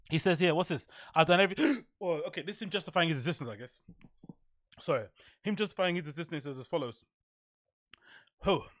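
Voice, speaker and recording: A man with a high-pitched voice hosts a solo podcast and mocks what he reads with dry sarcasm. He keeps breaking off with hiccups. The sound is close and dry, with no room echo. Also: fairly bright tone. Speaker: podcast host.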